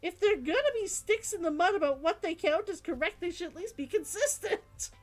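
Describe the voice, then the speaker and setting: Lively high-voiced woman streamer. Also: a little fast, faint music behind. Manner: musing aloud, reading chat comments. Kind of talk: casual live-stream chat.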